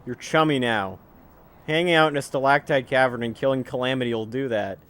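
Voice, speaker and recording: With a mid-range voice at a fairly quick clip, this man talks freely over his video game, offering casual, joking commentary punctuated by loud, excited outbursts. He is a let's play commentator.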